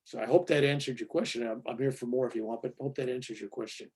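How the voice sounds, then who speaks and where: A male reverend answering a student's question in an informal spiritual talk, animated and acting out the voices he quotes. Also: medium pitch, fast talker, breathy edge.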